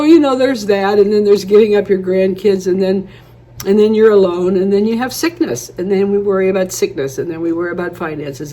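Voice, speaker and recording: A woman's voice: on the low side, dark tone. A woman in her eighties chatting casually to camera, rambling through stories and laughing often. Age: 80s. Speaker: beauty vlogger.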